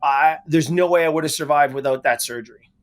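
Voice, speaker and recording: A man's voice: on the high side, fairly quick. A middle-aged man from Canada, a guest in an interview, telling his story earnestly and repeating words for emphasis. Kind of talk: interview answers.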